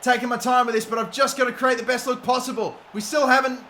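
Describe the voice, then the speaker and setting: An Australian man with a high, bright voice calls his football match as he plays. He drops to low mutters, then screams and swears until his voice cracks. The echoey room has a faint hiss behind him. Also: fairly even intonation, fast. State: voice cracking from shouting. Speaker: gaming YouTuber. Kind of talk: live gameplay commentary.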